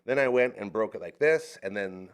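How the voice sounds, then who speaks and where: A man tells stories in a relaxed podcast chat. His voice sits low, and he brings the story to life by acting out the other people in it. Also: moderate pace, clear, resonant tone. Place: studio of a live podcast.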